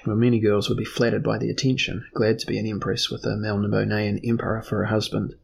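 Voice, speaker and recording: A man's voice: on the low side, quick pace, gravelly, a little hiss or hum. A man voicing a sardonic sorcerer-emperor. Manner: sardonic, steady. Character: sardonic albino sorcerer-emperor, proud and moody.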